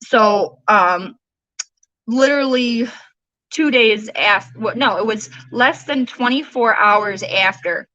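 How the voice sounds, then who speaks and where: A woman in early adulthood gives a personal account in a podcast conversation, acting out what others said to her. Her voice is bright and forward. The recording is dry and close. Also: on the high side, slow, no room sound, muffled recording. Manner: earnest, retelling events with quoted dialogue. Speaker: guest, bereaved mother.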